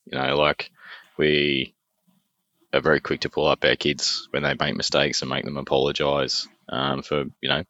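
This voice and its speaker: A man's voice: rumbling low, moderate pace, no echo. A man chats casually on a podcast, hesitating often with fillers. The recording is dull and dry, with no room sound. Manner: relaxed, hesitant, many fillers. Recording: dull, dry muffled mic.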